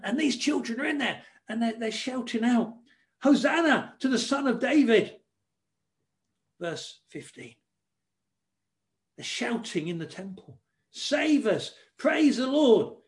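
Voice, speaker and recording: A man preaching a sermon, expressive and varied, acting out quoted voices and shushing as he tells the story. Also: high-pitched.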